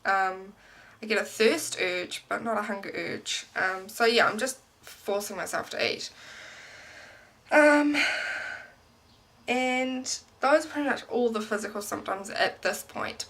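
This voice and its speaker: A young woman with a bright voice chats casually to camera in a personal vlog. She rambles, fills her sentences with "um" and "like", and keeps the talk loose and chatty. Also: medium pitch, measured pace. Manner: rambling, many ums and likes. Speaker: pregnancy vlogger. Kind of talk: casual pregnancy update vlog.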